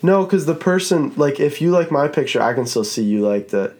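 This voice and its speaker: A man's voice: a little high, lively intonation, brisk, darkish tone. Laid-back male podcast host. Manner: laid-back, rambling, swears casually. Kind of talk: casual podcast chat.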